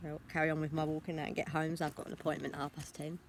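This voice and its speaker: A tired young woman vlogs into her phone while walking outside, chatting casually and rambling without stopping to think. Her voice is deep with little pitch movement, and there's slight background noise.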